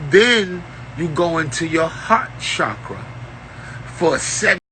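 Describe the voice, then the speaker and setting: A man's voice: fairly high pitch, big pitch swings, slow pace, sharp tone, a little hiss or hum, rough recording. A man giving an unscripted spiritual rant, lecturing in street slang with a profane, preachy manner. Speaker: self-styled spiritual teacher.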